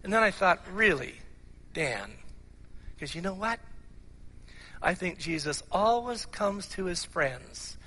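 Bright, high-voiced man preaching with hoarseness. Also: a little slow, long reverb tail. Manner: animated, emphatic preaching with repeated restarts. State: slightly hoarse. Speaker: pastor. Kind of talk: sermon. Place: church sanctuary.

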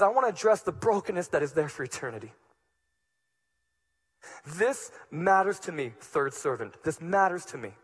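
A man preaching a sermon as pastor, moving between hushed, low passages and loud, emphatic ones.

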